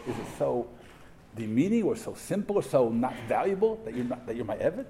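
A man's voice: medium pitch, very animated, fairly quick, dark tone, a little hiss or hum. A middle-aged man giving a sermon to a yeshiva audience, emphatic, asking rhetorical questions and mixing in Hebrew terms. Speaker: rabbi giving a memorial talk.

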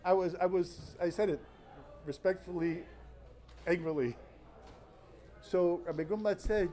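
A young man in his twenties speaks in a notably high voice as he gives an informal Talmud lecture to fellow students. He talks in an earnest, animated way, as though sharing a personal story. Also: unhurried, pauses often. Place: study hall before fellow students.

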